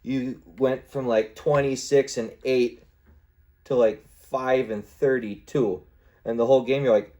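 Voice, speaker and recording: A man's voice: medium pitch, steady tone, unhurried, dark tone. A young man hosting a podcast, rambling casually and swearing freely. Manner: rambling, swears freely, acts out his own gaming trash talk. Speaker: podcast host. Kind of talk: casual solo podcast chat.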